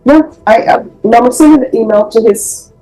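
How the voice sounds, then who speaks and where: A woman's voice: a little high, normal speed, mellow, soft background music, rough recording. Stern woman judge lecturing from the bench. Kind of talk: courtroom proceedings. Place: courtroom.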